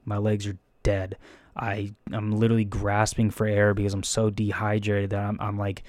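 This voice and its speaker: A young man telling a casual, profane story about taking a firefighter test, rambling and animated with frequent restarts. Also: on the low side, normal speed, no room sound. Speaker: firefighter candidate.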